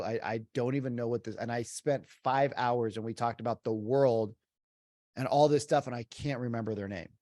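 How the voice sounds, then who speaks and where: A man's voice: medium pitch, darkish tone, no echo, studio quality. A middle-aged man, a sales trainer talking casually as a podcast guest, emphatic and full of "like" and "right?".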